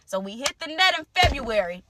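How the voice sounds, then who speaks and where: A young woman telling viewers a personal story in casual vlog talk, animated and direct, acting out what others said. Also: brisk, a little hiss or hum. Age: young adult. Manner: animated, talks straight to viewers, acts out quotes; wide swings in pitch and loudness. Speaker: storyteller vlogger.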